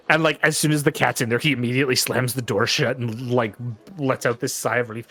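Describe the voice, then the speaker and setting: A man's voice: medium pitch, fairly even intonation, fast, bright, forceful tone. A man narrating as game master of a tabletop game, chatty with many fillers.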